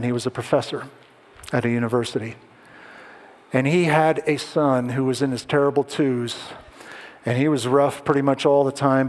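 A male pastor delivers a sermon in a voice of ordinary pitch, shifting between lively storytelling and quiet, hushed emphasis. His words ring out with a long reverb, as if spoken in a church hall. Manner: storytelling, drops to soft hushed tones for emphasis.

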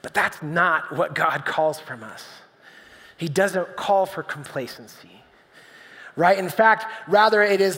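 A man preaching with a high, bright voice that rings through a church hall with a long echo. He talks in a relaxed, conversational way, telling stories and acting out voices for laughs. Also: slow pace. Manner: conversational, storytelling, acts out voices with humor. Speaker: pastor. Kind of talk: sermon. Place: church stage.

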